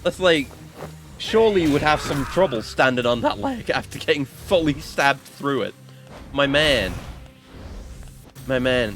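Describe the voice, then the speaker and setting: Brief: male game streamer, unhurried casual commentary that breaks into yelps and swearing at the game, faint music underneath. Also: on the high side, fairly bright tone. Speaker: gaming streamer. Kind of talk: casual let's-play commentary.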